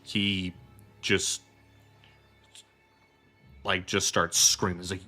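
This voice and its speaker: A man's voice: sits low, flat delivery, extremely slow, pushed and bright, soft background music. A man narrating as game master of a tabletop horror game, rambling loosely with many fillers.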